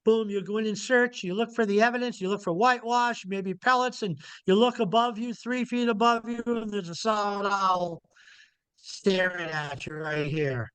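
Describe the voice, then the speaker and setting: A man's voice: high-pitched, steady tone, moderate pace, fairly bright tone, smooth, no echo. A middle-aged man, an owl researcher, giving a casual, folksy online lecture that keeps returning to its key points. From Montana. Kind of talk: informal illustrated lecture.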